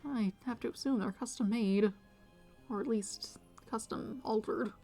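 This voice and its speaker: A woman's voice: fairly high pitch, measured pace, warm tone. A woman streamer giving casual, wry, joking commentary on a game, sometimes swearing, with faint music behind.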